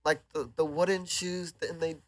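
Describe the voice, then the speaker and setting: A man's voice: a little high, flat delivery, normal speed, dry recording. A man co-hosting a casual podcast, playfully tossing questions to his friends. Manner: playful, asks lots of questions. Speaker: podcast co-host. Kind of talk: casual chat.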